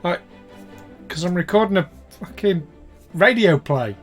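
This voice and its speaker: A British man, an actor, bantering casually with animated, swearing stories. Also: high-pitched, unhurried, faint music behind. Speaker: player, actor.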